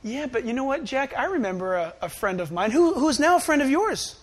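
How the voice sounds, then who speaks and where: Preacher voicing god, fatherly, amused, forgiving, high tone. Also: sing-song, brisk, heavily acted. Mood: fond. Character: God, a fond fatherly male deity.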